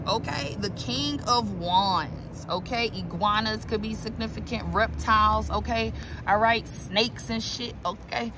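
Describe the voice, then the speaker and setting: A woman's voice: mid-range voice, moderate pace. A woman giving a casual tarot reading outdoors, talking to her viewers in a chatty, profane way with lots of asides. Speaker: tarot reader. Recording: outdoor recording with clear traffic ambience. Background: vehicles passing.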